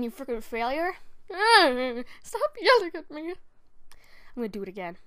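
A chatty young woman talks casually from her bed as she records a voice audition, teasing herself between takes. Her voice sits high, and the bedroom sound is dry and close. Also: sing-song, measured pace, a bit bright, no room sound. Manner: chatty, self-mocking. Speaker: amateur voice actor.

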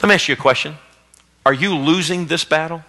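A man preaching a sermon as pastor, swinging between loud exhortation and hushed storytelling. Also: fairly high pitch, brisk. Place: church sanctuary, live service. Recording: long reverb of a church hall.

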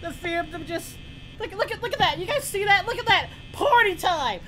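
A man voicing the adult male anime hero Goku in a high, strained cartoonish voice, yelling crude insults in panicked comedic gameplay commentary. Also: expressive, fairly quick, exaggerated voice, rough recording. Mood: scared. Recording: loud game music behind.

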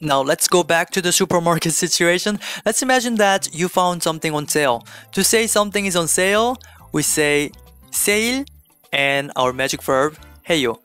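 A man delivers an online language lesson in a slightly raised voice, explaining each step clearly and adding playful little jokes. Soft music plays faintly behind him. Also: fairly high pitch, expressive, a little fast. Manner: playful, slips in small jokes. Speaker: Korean language teacher.

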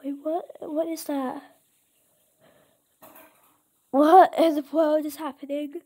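A woman host giving casual gameplay commentary, excitable and exclaiming at each surprise. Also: sits high, normal speed. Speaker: gaming channel host.

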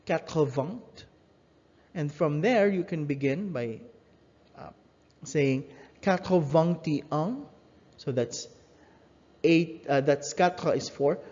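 A man's voice: a little high, mellow. A man teaching a language lesson, patiently repeating each word and stopping to correct himself. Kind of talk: slow spoken lesson. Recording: dull reverberant room audio.

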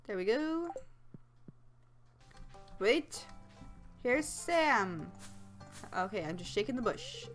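A woman playing a farming game and commenting casually, excitable, squealing and yelling at what happens on screen. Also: fairly high pitch, slow, pauses often, faint music behind. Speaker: let's play gamer.

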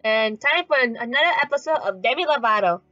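A woman's voice: fairly high pitch, lively intonation, fast talker, pushed and bright, no echo, muffled recording, soft background music. A woman hosting a story game playthrough, talking in a chirpy, informal way. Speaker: gaming channel host.

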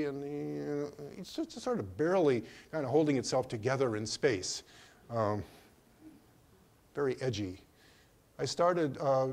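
Older man, artist's slide talk, halting, lots of ums, mid pitch. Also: a little mellow. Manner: hesitant, full of ums and restarts. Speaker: artist giving a museum talk. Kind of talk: slide lecture.

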